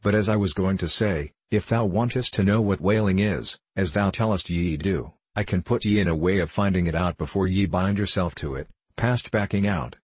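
A man voicing a gruff, suspicious old Quaker whaling captain in an audiobook, speaking bluntly in old-fashioned thee-and-thou speech. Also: deep voice, moderate pace, few pauses, dry recording. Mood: stern. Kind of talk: audiobook character reading.

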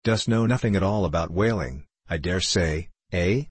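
A man voicing a gruff old sea captain. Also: deep voice, moderate pace, no room sound. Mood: gruff, probing. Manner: blunt, suspicious, archaic thee-and-thou speech. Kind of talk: audiobook character reading.

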